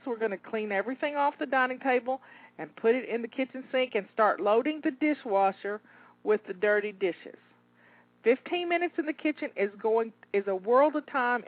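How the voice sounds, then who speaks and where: A home organizing coach talks listeners through a cleaning session in a motivational pep talk, encouraging and coaxing them while a bit out of breath and repeating words. Her voice is a little high, with no room sound and a dry, tinny, phone-like quality.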